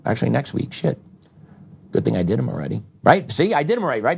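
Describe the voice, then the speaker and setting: A man's voice: mid-range voice, very animated, quick pace, gravelly, a little mellow, breathy edge. A middle-aged man hosting a show, delivering a heated political commentary monologue with asides and short laughs. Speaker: show host.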